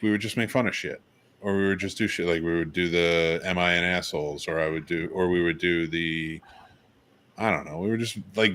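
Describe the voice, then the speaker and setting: A man's voice: low voice, a bit bright. A man hosting a casual podcast, joking loosely and swearing as he riffs. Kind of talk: casual chat.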